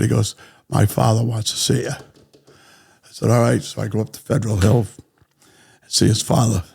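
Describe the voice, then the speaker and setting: A man telling a story in a blunt, profane, animated way as an interview guest. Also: medium pitch, creaky, slightly rough. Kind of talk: casual storytelling.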